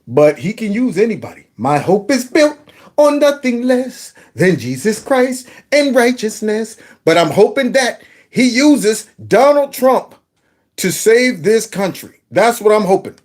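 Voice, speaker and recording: Man, reaction commentator, folksy and excitable, pitch all over the place. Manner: animated, folksy, talks back to the clips. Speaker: commentator reacting to news clips.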